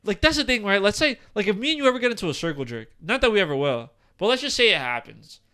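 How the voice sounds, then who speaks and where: A man in his twenties co-hosting a casual podcast, rambling with lots of fillers and animated tangents. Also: sits high, fast talker, clean tone. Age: 20s. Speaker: podcast co-host.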